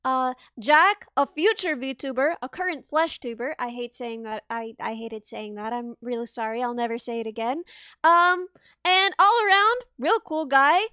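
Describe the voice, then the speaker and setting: A woman's voice: sits high, normal speed, sharp tone, smooth, dry recording, studio quality. A woman streamer chatting casually with her viewers, giggling often in a bubbly, self-deprecating way. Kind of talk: casual livestream chat.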